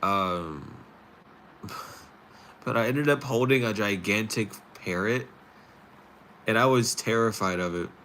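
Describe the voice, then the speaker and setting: A man hosting a spiritual talk stream, rambling casually with many fillers and pauses. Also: lowish voice, lively intonation, pushed and bright, slight background noise. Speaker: tarot stream host.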